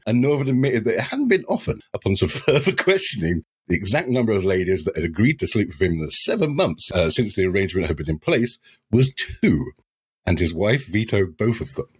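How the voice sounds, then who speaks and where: A man's voice: low voice, breathy edge. A young adult man from England who co-hosts a podcast, telling a funny story casually, swearing and laughing as he goes.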